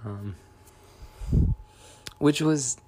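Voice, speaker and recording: A young man talking in a reflective, meandering, soft-spoken way in a confessional diary vlog. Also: medium pitch, very slow. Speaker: vlogger.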